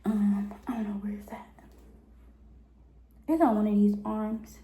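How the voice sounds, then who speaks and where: Mellow-voiced young woman in an echoey room. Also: mid-range voice, measured pace. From Cleveland, Ohio, US. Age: 20s. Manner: blunt, animated retelling with frank language. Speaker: vlogger. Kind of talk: casual storytime.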